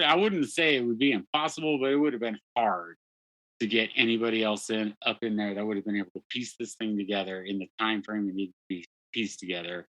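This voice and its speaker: A man's voice: on the low side, pushed and bright, no echo, rough recording. A man, a podcast guest, telling a candid story with blunt, profane, self-deprecating talk and lots of "dude" and "like". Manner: frequent "dude" and "like" fillers.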